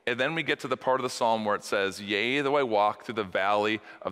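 A man, a pastor, preaching an earnest funeral-themed sermon that swings between soft, slow passages and emphatic rises. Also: mid-range voice. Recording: long hall reverb.

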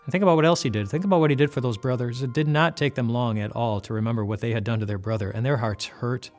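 A man's voice: medium pitch, fast. A man giving a casual devotional Bible talk as host. He speaks conversationally and often restarts and repeats words. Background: faint music.

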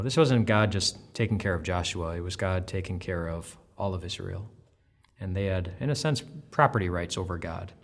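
Low-voiced pastor giving a devotional. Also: male voice. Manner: earnest, conversational, frequent restarts. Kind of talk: devotional teaching.

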